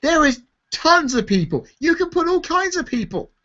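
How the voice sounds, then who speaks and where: A man's voice: very high voice, big pitch swings, normal speed, pushed and bright, lo-fi sound. A young man hosting a live question-and-answer chat for his viewers, talking candidly and rambling as he answers. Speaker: YouTuber host. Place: home, seated in a chair.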